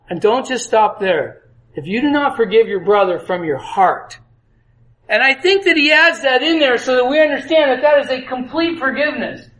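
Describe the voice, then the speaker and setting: High-voiced man preaching in an echoey room. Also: expressive, moderate pace, fairly bright tone. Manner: conversational, asks the audience questions; acts out story voices. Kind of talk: sermon on marriage.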